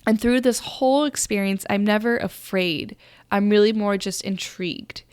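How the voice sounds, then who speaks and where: A woman's voice: mid-range voice, normal speed, darkish tone, clear, resonant tone, no room sound, studio quality. A young woman hosting a podcast, telling a personal story in a rambling, earnest way, full of fillers. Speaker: podcast host. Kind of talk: casual storytelling monologue.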